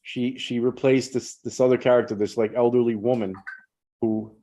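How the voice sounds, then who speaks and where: A man's voice: medium pitch, flat delivery, normal speed, dark tone. Laid-back man in podcast chat. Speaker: podcast co-host. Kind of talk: casual chat.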